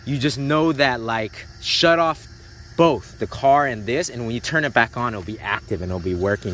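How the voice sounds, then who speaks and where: A man's voice: medium pitch, fairly quick, fairly bright tone, slight background noise. A man casually demonstrating and reviewing remote-control cars, rambling with lots of fillers and making little sound effects. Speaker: RC car reviewer. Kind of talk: casual unboxing demo.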